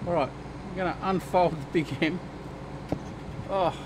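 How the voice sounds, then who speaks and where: An Australian man hosts a live gaming stream, joking around, reading chat aloud and answering viewers as he plays. His high-pitched voice stays steady in tone, with a measured pace and frequent pauses. The background is noisy.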